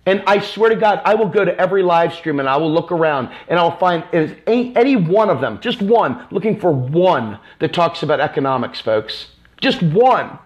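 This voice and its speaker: A man's voice: fairly high pitch, expressive, moderate pace, few pauses. A man from the United States hosting a live stream. He delivers an impassioned, angry political rant that is repetitive and profane.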